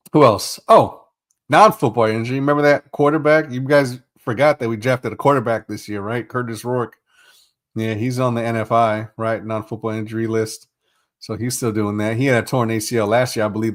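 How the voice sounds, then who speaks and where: A man's voice: mid-range voice, steady tone, moderate pace. Profane, exasperated man ranting about sports. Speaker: podcast host. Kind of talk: casual sports podcast monologue.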